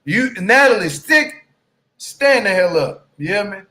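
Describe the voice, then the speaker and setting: Man, high-pitched, heated profane rant, reality TV recap vlogger, drawn-out emphasis, keeps saying "you hear me?". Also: big pitch swings, pushed and bright. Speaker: TV reality show recap YouTuber. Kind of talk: casual ranting commentary.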